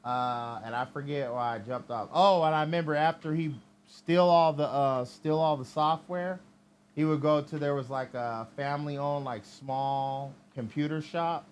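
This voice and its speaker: A man's voice: on the high side, unhurried, a little hiss or hum. Profane man rambling through a story. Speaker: livestream host. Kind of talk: casual storytelling.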